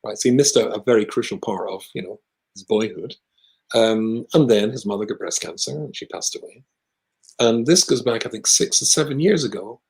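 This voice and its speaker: A man with a British accent, a rabbi telling a long personal story in conversation, with lively asides. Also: fairly low pitch, a little fast, rough recording. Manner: animated anecdotal storyteller with asides.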